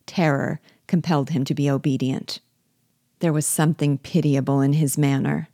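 A woman reading a classic novel aloud with steady, measured storytelling, close to the mic. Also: sits low, no room sound. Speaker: audiobook reader.

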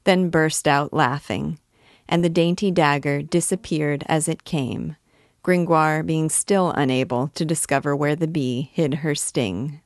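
A woman reading a classic novel aloud with measured, expressive narration. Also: deep voice, no room sound, clean studio sound. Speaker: reader and guide of a book.

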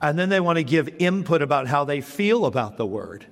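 A man preaching an expository sermon as a pastor, blunt and emphatic, slowing down to stress key words. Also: on the high side, very animated, big-room sound. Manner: blunt, plain-spoken.

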